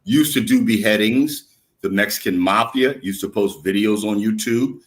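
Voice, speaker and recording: Man, slow and slurred from drinking, rambling debate talk, lowish voice. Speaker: guest on live stream. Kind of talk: casual live-stream debate.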